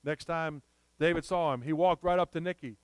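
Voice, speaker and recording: A man preaching a sermon, telling a story emphatically and slowing down to repeat key phrases. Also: on the high side, clean tone, no room sound.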